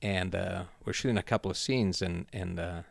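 A man guest telling rambling stories in a casual chat, often halting and restarting. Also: low voice, gravelly, no room sound. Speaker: guest filmmaker. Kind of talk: casual storytelling.

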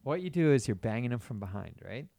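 A man's voice: mid-range voice, very animated, fast talker, vocal fry, dark tone, no room sound. A man hosting a casual, explicit chat, talking bluntly and crudely like a coach. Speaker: podcast host.

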